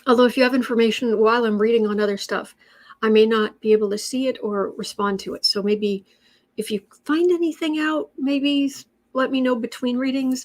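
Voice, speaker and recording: A woman's voice: on the high side, normal speed. A woman in her forties from West Virginia, chatting casually on a tarot and astrology livestream, thanking viewers by name and often restarting her sentences. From West Virginia, USA.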